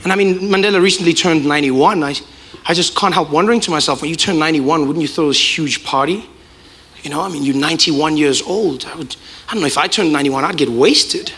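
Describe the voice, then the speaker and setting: A male stand-up comedian with a South African accent, talking in a brisk, wry, conversational way. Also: fairly high pitch, a bit bright, echoey room, a little hiss or hum. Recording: distant live stage mic with crowd laughter.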